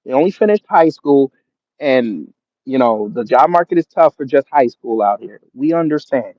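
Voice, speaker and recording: A man's voice: medium pitch, animated, normal speed, no room sound. A man of Jamaican background hosting a livestream, reading out chat comments and answering them with sarcasm and laughter. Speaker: livestream host. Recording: dull lo-fi stream audio.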